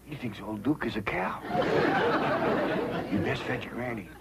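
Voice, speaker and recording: An actor playing a calm hillbilly patriarch with an Ozark accent and a slow, dry, folksy drawl. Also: male voice, mid-range voice, a loud crowd, lightly acted. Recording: hissy old TV soundtrack.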